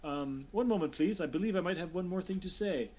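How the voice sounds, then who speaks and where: A man's voice: high voice, fairly quick, darkish tone, pitched above the performer's own voice, natural voice. A man voicing a polite, flustered male city counselor in a tabletop game. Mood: formal. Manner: polite, formal.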